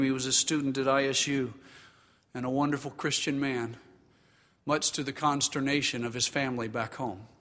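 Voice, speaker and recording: A man preaching in a church sanctuary, earnest and emphatic in his delivery. His voice sits a little high and rings bright and forceful. A long hall reverb trails after every phrase. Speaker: pastor. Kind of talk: sermon with closing prayer.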